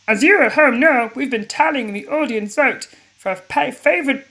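A woman's voice: sits high, moderate pace, sharp tone, pitched above the performer's own voice. A woman voicing a showy male dating-show host in a game, reading his lines aloud with a hyped announcing delivery.

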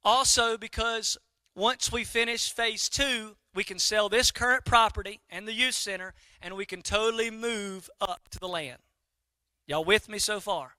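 A man's voice: sits high, a little slow, no echo. A middle-aged man, a pastor preaching a sermon and telling a story to his congregation. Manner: animated storytelling, talks to the congregation directly.

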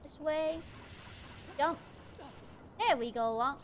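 A woman's voice: sits high, slow, slight background noise. A woman streaming a video game live, talking to herself playfully with mock-outraged exclamations. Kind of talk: live gameplay commentary.

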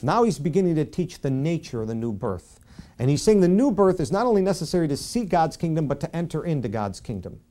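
A pastor preaches a Bible-study sermon in a conversational, self-deprecating way, softly acting out quoted speech. He talks fast, with a voice on the high side and big pitch swings.

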